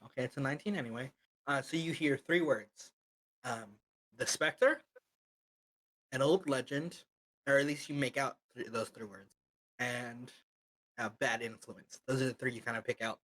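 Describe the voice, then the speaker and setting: A man's voice: mid-range voice, normal speed, long pauses, a bit bright, low-quality recording. A man running a tabletop game as game master, narrating casually with some fillers.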